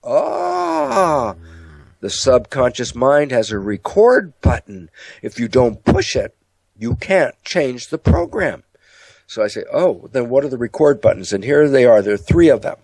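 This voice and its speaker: Man, middle pitch, lecture-style talk, acts out dialogue, dry close recording. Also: moderate pace, breathy edge, no room sound. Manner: animated storytelling, acts out inner dialogue in higher voices. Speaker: speaker on biology and the mind.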